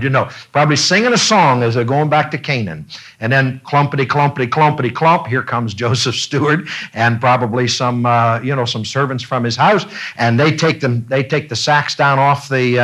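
A man leading a Bible study class, talking in an animated way and often repeating himself with fillers. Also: mid-range voice, normal speed.

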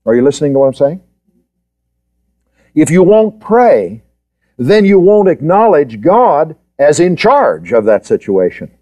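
A man leads a Bible study lecture, putting questions to his students and repeating his key points. His pitch rises and falls in lively swings, and his tone stays warm and mellow. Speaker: Bible teacher.

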